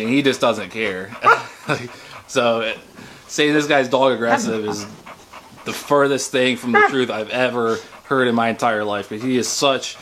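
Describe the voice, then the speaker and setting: A man's voice: fairly bright tone, slight background noise. Casual man talking about his dog. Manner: talks to dogs in a high baby voice, then chats casually. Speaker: dog owner. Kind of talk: casual home video chat. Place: at home. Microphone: handheld camera.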